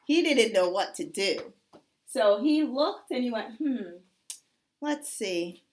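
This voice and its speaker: A woman teacher tells young children a story about clock hands, her voice sitting somewhat high. She speaks in an easy, animated way and keeps checking in with the class. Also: unhurried. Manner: checks in with "okay?" often.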